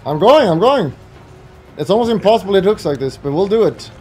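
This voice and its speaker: A man streaming a game with friends, shouting urgent callouts and teasing his teammates. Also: high-pitched, big pitch swings, fairly quick, soft background music, rough recording. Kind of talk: excited gaming commentary.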